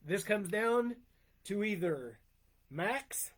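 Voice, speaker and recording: A man with a high, husky voice runs a podcast quiz in easygoing banter. He often mutters running counts quietly to himself and laughs along with his co-host. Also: lively intonation, drawn-out words. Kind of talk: casual banter, game hosting.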